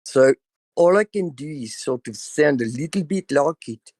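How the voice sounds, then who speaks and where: A man's voice: fairly high pitch, animated, normal speed, a little mellow, no room sound, studio quality. A man, a voice actor guest, talking earnestly and emphatically in a casual call, often repeating himself. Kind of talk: casual video call chat.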